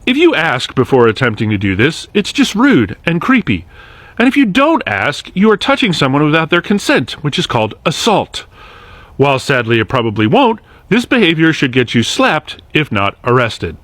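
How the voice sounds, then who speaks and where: A man's voice: on the high side, huge pitch swings, normal speed, a bit bright, no echo. A man hosting a short explainer video series, talking straight to camera in a direct, earnest and lightly sarcastic way. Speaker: host of a social media series. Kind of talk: scripted explainer monologue to camera.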